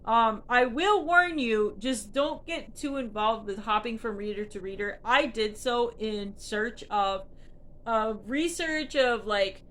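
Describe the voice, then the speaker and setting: A woman's voice: fairly high pitch, takes it slowly, fairly bright tone. A woman tarot reader speaking earnestly and encouragingly, reading a card's meaning and then chatting about her spiritual journey with many fillers. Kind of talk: spiritual card reading and casual talk.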